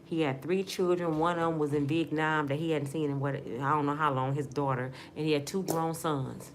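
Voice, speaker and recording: Woman, from Michigan, middle-aged, deep voice, earnest personal testimony, casual talk. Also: steady tone, fairly quick, slight background noise. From Michigan, USA. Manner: earnest, emotional, conversational with casual grammar. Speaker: woman sharing her testimony.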